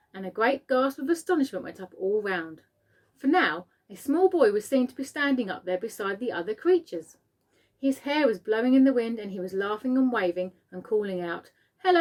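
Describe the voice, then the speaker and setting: A woman, a teacher, reading a children's book aloud with expressive storytelling. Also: medium pitch.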